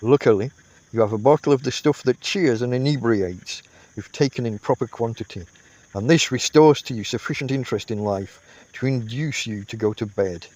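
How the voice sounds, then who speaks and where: A man reading a classic comic novel aloud as an audiobook, telling it in an unhurried, expressive way. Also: mid-range voice, dry recording. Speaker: audiobook reader.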